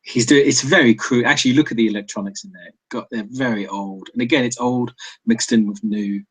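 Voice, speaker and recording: A man's voice: mid-range voice, brisk, husky, low-quality recording. A man running a tabletop game as game master, hesitant and full of fillers, often laughing.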